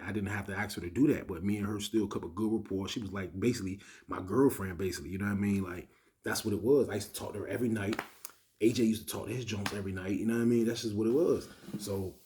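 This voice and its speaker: Brief: man, low mellow voice, casual slangy storyteller, acts out lines with sudden shouts and whispers. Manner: animated, acts out dialogue with loud bursts and whispers; slangy, frequent "you know what I mean". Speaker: storytime vlogger.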